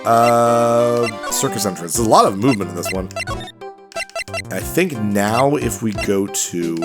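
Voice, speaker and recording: A man's voice: fairly low pitch, a little slow. A man casually commenting while playing a story game, rambling and chatty. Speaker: let's play host. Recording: game music behind voice.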